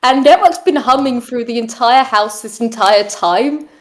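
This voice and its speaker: A woman's voice: on the high side, measured pace. Amused woman narrating a game. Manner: lively, descriptive and amused. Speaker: game master.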